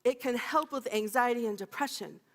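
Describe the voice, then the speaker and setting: A woman's voice: on the high side, fairly quick, fairly bright tone. A woman in her fifties giving a playful sermon, laughing often and chatting with the congregation. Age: 50s. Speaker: minister. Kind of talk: lively sermon. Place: church sanctuary. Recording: long hall reverb.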